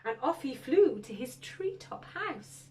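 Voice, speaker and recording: Very high-voiced woman reading a picture book. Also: takes it slowly. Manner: expressive, with gasps and exclamations. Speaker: storyteller for children.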